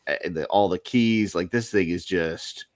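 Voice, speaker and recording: A man's voice: sits low, a little slow, dry recording, studio quality. A man co-hosting a casual podcast, rambling through long lists with lots of fillers. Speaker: podcast co-host. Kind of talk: casual chat about collectible toys.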